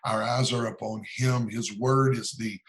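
A man's voice: mid-range voice, steady tone, unhurried, poor audio. A man, a pastor and author, talking as a podcast guest in an earnest, sermon-like cadence with frequent repetitions. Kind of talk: preaching-style podcast talk.

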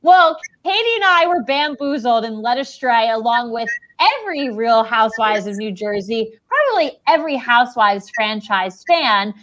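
A woman co-hosting a podcast, her voice sitting slightly high. She tells stories dramatically, sounding indignant and playing up her outrage. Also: lively intonation, normal speed, few pauses, fairly bright tone, highs cut off. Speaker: podcast co-host. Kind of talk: casual chat.

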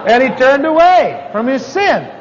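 With a very high voice, big pitch swings and an unhurried delivery, this man tells a sermon story while teaching on evangelism. He's folksy and self-deprecating, wandering into asides and restarting often; the recording sounds dull, with a long hall reverb.

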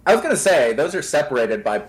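Animated man podcast co-host. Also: fairly high pitch, fast, poor audio. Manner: animated, playful, tries voices. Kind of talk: casual chat.

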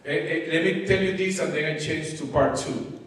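A male evangelist preaching a sermon with exuberance, shouting praise and calling the congregation to repeat after him. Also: a little high, fairly even intonation, normal speed. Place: large church hall. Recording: echoey church hall, mic far off.

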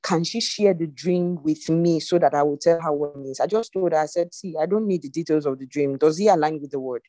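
Over a video call, a woman preaches an earnest, exhorting sermon to an online congregation, her emphasis often rising. Her voice sits low with a dark tone, and there's no echo.

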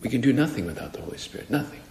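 A man's voice: mid-range voice, very animated, racing, gravelly, warm tone. A man giving a spoken meditation as a priest, talking in a conversational, musing way with frequent restarts, in an echoey hall with faint music behind.

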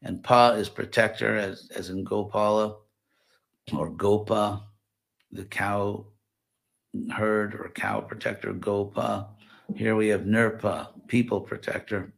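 A man giving a scripture class, explaining Sanskrit verse word by word in a thoughtful, unhurried way. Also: on the low side, steady tone, gravelly, fairly bright tone. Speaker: scripture teacher.

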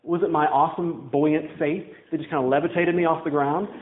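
A man's voice: fairly high pitch, steady tone, fairly quick. A young man from Louisiana preaching a sermon in a church, telling stories casually with wry asides. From Louisiana, USA. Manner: conversational storytelling, wry asides. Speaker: pastor. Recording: tinny, echoey church recording.

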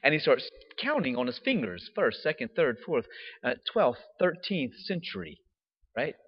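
A man, a diocesan priest, telling a personal story in a chatty, animated way with casual fillers. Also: fairly high pitch, moderate pace, breathy edge. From United States. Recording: dull audio with long hall reverb.

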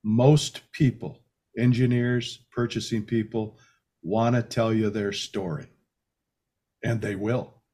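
A man's voice: lowish voice, fairly even intonation, slow, dark tone, husky. A man co-hosting a casual chat who puts strong stress on his main points. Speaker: podcast co-host.

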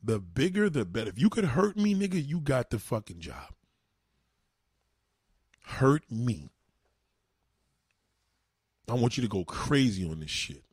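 A man hosting a crude, profane monologue show, talking in an animated way and repeating himself. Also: medium pitch, a little fast, hardly any pauses, husky, no room sound, clean studio sound. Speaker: show host.

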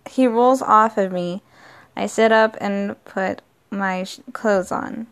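A woman's voice: mid-range voice, fairly even intonation, takes it slowly, clean tone. A woman narrating a first-person story in a plain reading voice, stumbling and correcting herself often. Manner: plain reading with frequent slips and restarts. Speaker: story reader.

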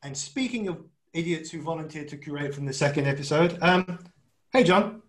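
A man's voice: fairly high pitch, moderate pace, fairly bright tone, rough recording. A man co-hosting a podcast in casual chat, chatty and self-deprecating, asking long rambling questions. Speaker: podcast co-host.

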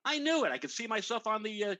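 A man's voice: high voice, fast talker, dry recording, poor audio. An older man, a weather show host, telling a long anecdote in casual chat and acting out the voices of the people in it. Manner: animated anecdote teller, acts out quoted voices.

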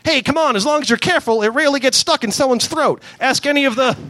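A man's voice: extremely high pitch, fast talker, pushed and bright, voice pushed up. A man voicing a boastful, crude male raccoon space pilot in a comic reading. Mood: cocky. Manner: cocky, brash.

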